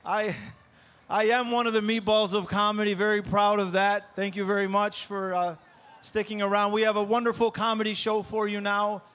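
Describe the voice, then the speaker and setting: High-voiced male comedian working the crowd. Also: little pitch movement, moderate pace, a bit bright. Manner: loose crowd work with stammered restarts. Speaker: stand-up comedian. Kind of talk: live stand-up opener.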